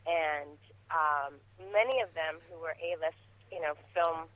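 A woman's voice: sits low, measured pace. A woman talking shop as a talent manager and producer, chatty, laughing often and restarting her sentences. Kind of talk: casual chat. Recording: tinny phone line.

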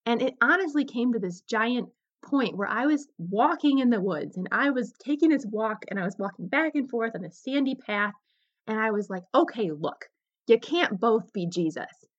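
A young adult woman hosting a podcast, telling a personal story in an animated, candid way. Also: on the high side, moderate pace. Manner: animated, candid, slips into quoted voices. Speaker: podcast host. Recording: slightly dull lo-fi recording.

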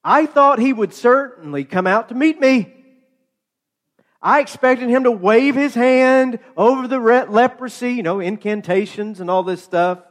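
A man's voice: fairly high pitch, expressive, measured pace. A man playing an arrogant, proud male general who blusters and makes demands. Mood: indignant. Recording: long hall reverb.

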